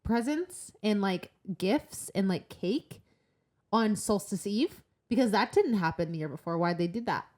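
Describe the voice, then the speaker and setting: Female podcast co-host, mid-pitched voice, frank chatty book talk. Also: animated, a little slow, darkish tone. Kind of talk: casual book discussion.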